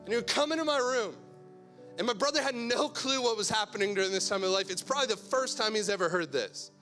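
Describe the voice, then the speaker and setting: High, bright-voiced male pastor. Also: fast, faint music behind. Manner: earnest storytelling, swings from hushed to loud. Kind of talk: sermon.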